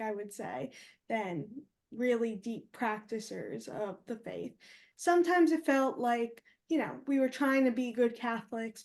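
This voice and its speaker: Young woman, earnest and reflective, slightly high voice, casual interview. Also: darkish tone. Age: young adult. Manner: earnest, reflective, light laughs. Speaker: guest, university co-founder.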